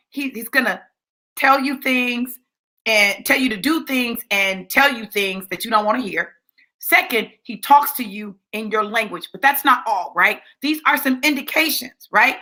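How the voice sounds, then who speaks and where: A woman preaching with a sassy, chatty delivery, speaking to the congregation like a friend. Her voice sits a little high and sounds bright and forceful. She repeats key phrases to press her point home. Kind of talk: sermon teaching.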